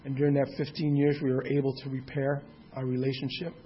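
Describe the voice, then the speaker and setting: In a monotone and at a quick pace, a man in his sixties gives a candid, plainspoken testimony of his recovery at a meeting, with the odd mild curse. His voice is mid-range; the highs are cut off and there's a little hiss or hum.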